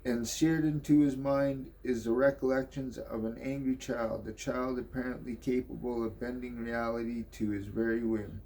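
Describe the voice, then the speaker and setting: A man's voice: mid-range voice, little pitch movement, dark tone. A man reading a comic book aloud in a casual, offhand way, ad-libbing and swearing between panels. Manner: slow, offhand, swears and ad-libs.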